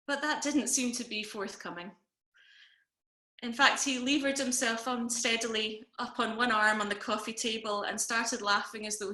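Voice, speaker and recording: A woman's voice: on the high side, sharp tone, roomy sound. A woman telling a personal comic story over a video call, in a wry, self-deprecating way. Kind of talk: personal story told to an online audience.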